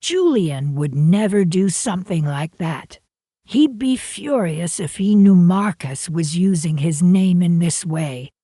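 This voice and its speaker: A loyal older female friend from an audio drama, soothing yet indignant on her friend's behalf. A woman reads her in a low, unhurried voice recorded dry and close. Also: lively intonation, warm tone, no echo. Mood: sympathetic.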